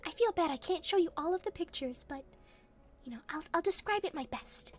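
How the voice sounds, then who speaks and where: A young woman streaming soft ASMR storybook reading, speaking gently and often giggling. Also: very high-pitched, expressive, brisk. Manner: gentle, giggly, softly spoken.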